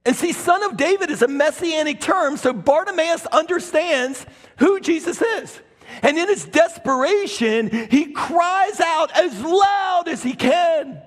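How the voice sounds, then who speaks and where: A man's voice: extremely high pitch, expressive, measured pace. A man preaching a sermon as a pastor, dramatic, crying out quoted lines at full voice. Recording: long hall reverb.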